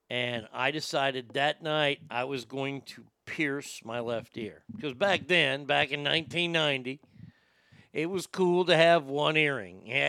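A talk show host from Texas tells a story in a blunt, laid-back way, with a gravelly, crisp voice set a little high for a man. His swearing keeps it casual, and the sound is dry and close. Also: bright, forceful tone, no echo.

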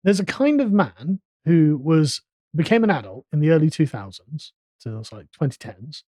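A man hosts a podcast chat with a mellow, darker tone and a mocking, sardonic edge. His voice is recorded close and dry. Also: fairly high pitch, lively intonation, moderate pace, no room sound. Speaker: podcast host. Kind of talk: casual discussion.

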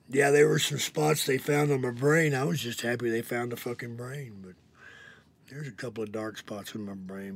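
A man telling a blunt, profane personal story as a show's host, often sinking to a hushed near-whisper. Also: lowish voice.

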